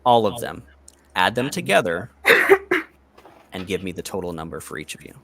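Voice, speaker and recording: A man narrating a tabletop game as the game master, deliberate and slow. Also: low voice, huge pitch swings, pushed and bright.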